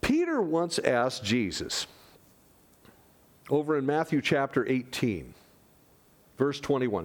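A man's voice: medium pitch, big pitch swings, takes it slowly, pauses often. Earnest male pastor preaching. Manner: earnest, conversational, with dramatic drops to a hush. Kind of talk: sermon.

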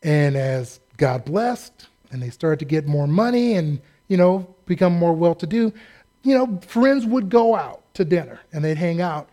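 A pastor delivers a lively, joking sermon in a fairly high male voice. He tells a story from the pulpit and acts out the voices of the people in it. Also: measured pace.

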